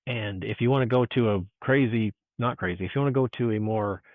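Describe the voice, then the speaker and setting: A man telling a personal encounter story in casual chat, animated and full of restarts, acting out what people said. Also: on the low side, a little fast, dry recording. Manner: animated storyteller, restarts, acts out quoted dialogue. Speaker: guest. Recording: tinny phone-like line.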